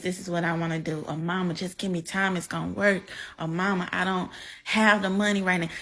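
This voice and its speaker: A woman's voice: lowish voice, fairly even intonation, moderate pace. A young woman talking heartfelt to her camera in a vlog, close to tears. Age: young adult. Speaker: content creator. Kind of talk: emotional reaction vlog. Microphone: camera mic, facing camera.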